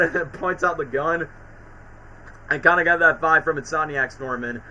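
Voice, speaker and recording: A man streaming casual commentary, excitable and acting out quoted lines as he recaps scenes. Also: a little high, moderate pace, a little hiss or hum, low-quality recording.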